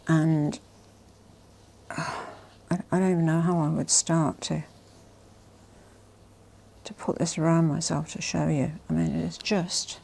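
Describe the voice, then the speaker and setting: A woman vlogger presenting a haul in a casual, gushing and emotional way, often dropping to soft whispers. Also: sits low, level tone, unhurried, vocal fry, long pauses. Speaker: fashion vlogger.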